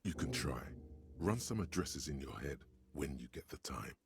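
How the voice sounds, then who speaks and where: A man voicing the sardonic inner-voice narrator of a detective game, deep and gravelly. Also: expressive, moderate pace. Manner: dry, sardonic description.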